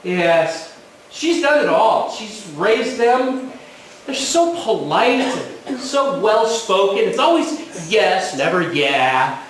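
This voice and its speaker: A man's voice: sits high, sing-song, slow, heavily acted. A man acting a fussy, tearful newly divorced man in a stage comedy, heard from far off in a roomy theater. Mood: wistful. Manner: mournful, sighing, apologetic. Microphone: distant audience recording. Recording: roomy hall from far off, faint noise.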